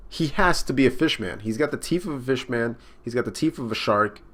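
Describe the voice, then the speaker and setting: A man reacting live to a comic chapter, excited and swearing freely as he thinks out loud. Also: medium pitch, a little fast. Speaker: manga reaction streamer.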